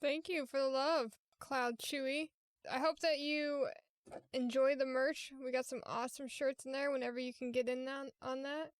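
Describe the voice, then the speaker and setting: A woman with a high voice co-hosts a podcast in a playful, giggly manner. Her voice sounds dry and close. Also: fairly even intonation, moderate pace, clear, resonant tone, dry recording. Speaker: podcast co-host. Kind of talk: casual podcast chat.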